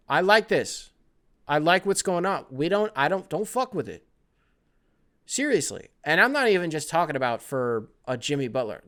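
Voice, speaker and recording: A young man hosting a casual sports podcast, rambling between topics with lots of swearing. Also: a little high. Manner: rambling, animated, profane, jumping between topics. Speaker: podcast host.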